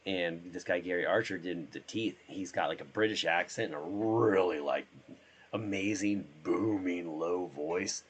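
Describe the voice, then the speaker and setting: A hoarse man, sick, chatting casually and rambling as he streams himself playing a drone simulator. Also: low voice, measured pace. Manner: rambling, trails off.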